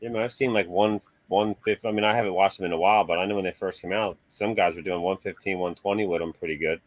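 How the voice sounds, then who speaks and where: A chatty, easygoing man talking shop with a friend. His voice sits on the low side and sounds close and dry, with no room around it. He laughs easily and drifts between topics. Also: fairly even intonation, quick pace, no room sound. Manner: laid-back, chatty, laughs often. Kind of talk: casual chat.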